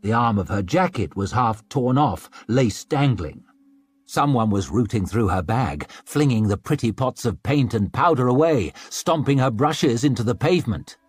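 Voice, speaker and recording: A male audiobook narrator with a slightly husky voice and a lively, rolling delivery. He reads with strong expression. The sound is dry and close to the mic. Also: medium pitch, moderate pace, no echo. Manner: expressive narration with scornful character asides. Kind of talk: scripted narration.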